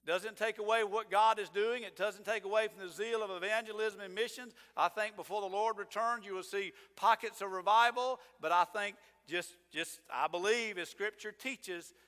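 A man's voice: high-pitched, normal speed, hardly any pauses, pushed and bright. A male pastor preaching a sermon in a conversational, emphatic way, breaking into sarcastic asides. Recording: long reverb of a church hall.

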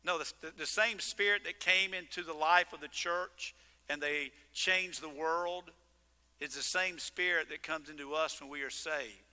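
A man preaching a sermon as pastor, animated and exclaiming, joking with his congregation. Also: a little high, moderate pace. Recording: long reverb of a large hall.

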